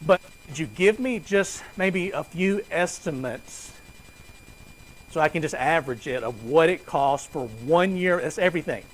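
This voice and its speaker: A man's voice: fairly high pitch, lively intonation, measured pace, slight background noise, low-quality recording. A man giving a conversational finance lecture to a class, asking students questions and joking with them.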